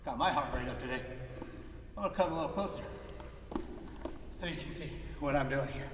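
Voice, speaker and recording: Brief: upbeat male PE teacher, slightly high voice, counting reps in a roomy hall, mic well back. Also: a little fast. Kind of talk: leading a home workout video. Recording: echoey room from far off, faint noise.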